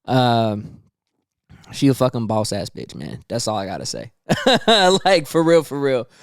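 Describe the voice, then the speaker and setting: A man's voice: medium pitch, sing-song, measured pace, dry recording, studio quality. Profane, fired-up young male podcast host. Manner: profane, heated, slangy ranting. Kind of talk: casual news commentary rant.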